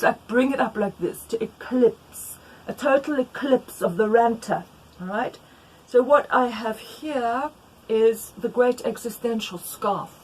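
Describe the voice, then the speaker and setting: A woman's voice: a little high, a little hiss or hum, low-quality recording. Chatty woman teaching knitting. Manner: playful, rambling, jokey asides with sudden loud bursts. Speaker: knitting tutor.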